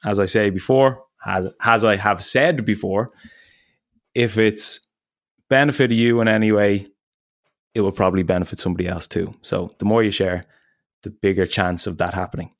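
A man's voice: fairly low pitch, steady tone, normal speed, no room sound, clean studio sound. A man hosting a podcast, wrapping up in a friendly, chatty way and laughing often. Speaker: podcast host. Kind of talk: casual podcast outro.

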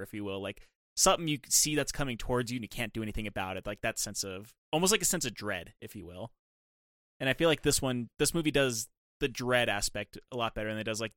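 Young male podcast co-host, rapid casual delivery, dry close sound. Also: medium pitch, a bit bright, no echo. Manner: rambling, many "like" fillers. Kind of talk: casual chat.

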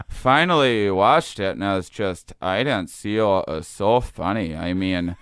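A man's voice: on the low side, expressive, a little slow, fairly bright tone, smooth, dry recording, pitched below the performer's own voice. A man doing an impression of his chatty Midwestern mother with a Wisconsin accent. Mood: puzzled. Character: Midwestern mom chatting about a movie.

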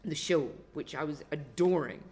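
A woman's voice: sits low, normal speed, a little mellow. A woman reviewer telling a chatty anecdote in a podcast interview. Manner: chatty storyteller, quoting others.

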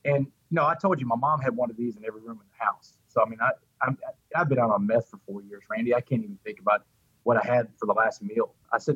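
A man's voice: medium pitch, steady tone, fast talker, fairly bright tone, breathy edge, no room sound, lo-fi sound. A middle-aged man telling his recovery story in an interview, heartfelt and repeating words as he goes. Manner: heartfelt, repeats words, addresses the host by name.

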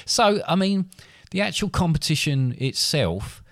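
A man's voice: fairly high pitch, very animated, a little slow, fairly bright tone, no echo, clean studio sound. A middle-aged man, a father co-hosting a casual podcast chat, talkative and prone to laughing and trailing off. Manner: chatty, laughs often, trails off mid-sentence.

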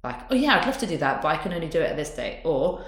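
A candid, chatty woman in her thirties, talking in a low voice. She speaks openly and laughs easily. The sound is roomy and echoing. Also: very animated, rapid-fire. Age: 30s. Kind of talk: casual chat. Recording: roomy echo.

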